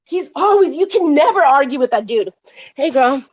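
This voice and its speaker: A woman's voice: sits high, animated. A woman hosting a live stream, ranting angrily and swearing heavily about a rival. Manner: heated, profane, rapid-fire complaining. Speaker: livestream host. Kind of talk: angry live-stream rant.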